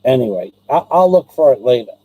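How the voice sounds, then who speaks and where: A man's voice: mid-range voice, big pitch swings, fairly quick, no room sound, narrow, tinny audio. A man hosting his own live stream, ranting and rambling, swearing constantly and repeating himself.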